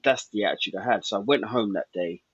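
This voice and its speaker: A man's voice: fairly low pitch, fast, husky, dry recording, lo-fi sound. A man, a podcast guest telling a story and acting out old conversations.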